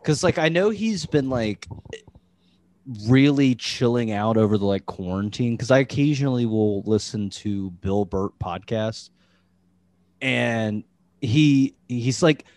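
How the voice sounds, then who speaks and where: A man's voice: mid-range voice, a little slow, darkish tone, no echo. A man hosting a podcast in casual chat, rambling and profane, with lots of fillers. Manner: rambling, full of "like" and restarts, profane. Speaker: podcast host.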